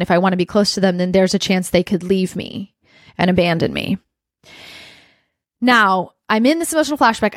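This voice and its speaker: A woman's voice: medium pitch, no echo, clean studio sound. A young adult woman hosting a podcast, telling a personal story in a candid, heartfelt way with lots of "like" fillers. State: emotional. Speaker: podcast host.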